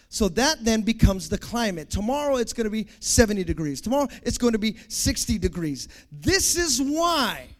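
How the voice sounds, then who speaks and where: A man preaching a sermon, acting out everyday scenes with lively sound effects and asides. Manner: animated, acts out scenes, sound effects like boom.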